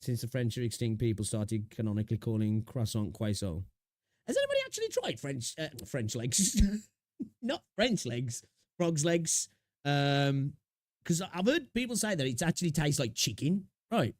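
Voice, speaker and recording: A man's voice: mid-range voice, very animated, normal speed, a little mellow, dry recording, studio quality. A young man chatting casually on a live stream, reacting to videos, talking to his chat with slang and frequent laughs.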